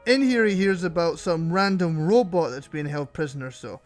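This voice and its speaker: High-voiced wry gaming narrator, a man. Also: normal speed, soft background music. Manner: wry, self-mocking, jokey. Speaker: gaming channel host. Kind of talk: gameplay commentary voice-over.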